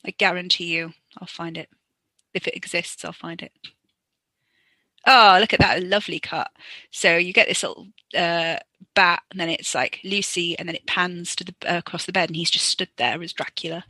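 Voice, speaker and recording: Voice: mid-range voice, fairly even intonation, moderate pace, bright, forceful tone, no echo. A podcaster giving chatty, joking improvised commentary over an old film. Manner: chatty, joking, many fillers.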